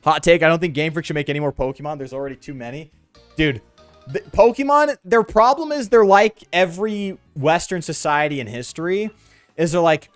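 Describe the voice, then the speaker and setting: A man's voice: a little high, a little fast, smooth, no room sound, faint music behind. A young man streaming a game, rambling sarcastically with his chat in slangy, offhand talk. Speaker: gaming streamer. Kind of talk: casual let's-play commentary with chat.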